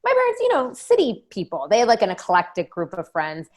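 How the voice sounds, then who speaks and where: A woman's voice: mid-range voice, huge pitch swings, a little fast. A woman in her thirties from San Francisco, telling rambling stories in casual podcast chat and swearing freely. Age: 30s. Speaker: guest.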